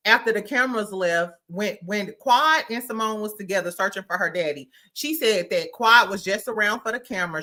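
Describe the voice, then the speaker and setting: Bright-voiced, animated woman host. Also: medium pitch. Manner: animated, slangy, acts out quotes, laughs often. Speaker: podcast host. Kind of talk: casual reality TV recap chat.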